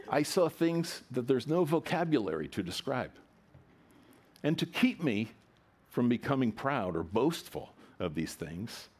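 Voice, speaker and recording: A man preaching a sermon, swinging between loud emphatic lines and soft, low ones.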